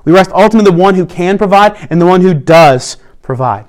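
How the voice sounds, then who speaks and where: A man preaching a sermon in an earnest way, slowing down to stress key points. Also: sits high, animated. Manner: earnest preaching, slows down for emphasis. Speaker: pastor.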